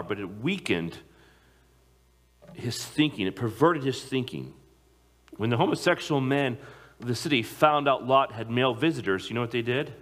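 A man preaching a sermon to a congregation, emphatic, slowing down to stress key phrases. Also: medium pitch, fairly bright tone. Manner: emphatic, slows down on key phrases, occasional repeated words.

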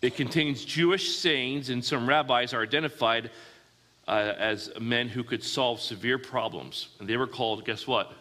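Speaking at a normal pace in a medium-pitched voice that sounds pushed and bright, a pastor delivers a sermon. He frequently asks his audience questions and supplies the answers himself, and his voice echoes through a long-reverb hall.

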